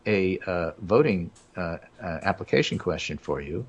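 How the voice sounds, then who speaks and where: Chatting casually on his podcast, a man recounts a story and performs the lines of the people involved. He speaks at a moderate pace in a low, expressive, slightly rough voice, captured with dull audio.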